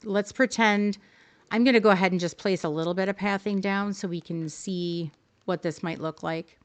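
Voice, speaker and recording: A woman's voice: medium pitch, steady tone, normal speed. A woman hosting a live stream, coaching her viewers through decorating choices in a friendly, upbeat way and answering chat as she goes. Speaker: livestream host teaching game decorating.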